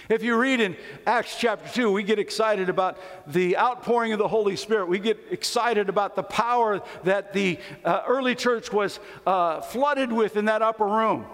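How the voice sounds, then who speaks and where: A man in his fifties preaching a sermon in a church, telling stories in a conversational way. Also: high voice. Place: church sanctuary. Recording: long church hall reverb.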